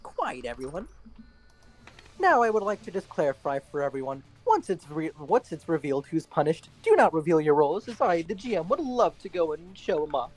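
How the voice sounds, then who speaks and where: A woman's voice: low voice, very animated, a little fast, hardly any pauses, a little mellow. A woman running a social deduction game as game master, announcing votes and reveals with a showy, playful delivery. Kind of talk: theatrical game hosting.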